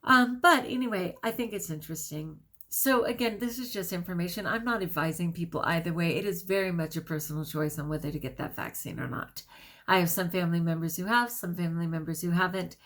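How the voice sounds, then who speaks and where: A middle-aged woman from the United States, a teacher, talking quickly and casually to her viewers with many fillers. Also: fairly low pitch, a bit bright. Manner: quick, chatty, many fillers and self-corrections. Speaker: vlogger and teacher. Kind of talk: casual talk to camera, reading an article aloud.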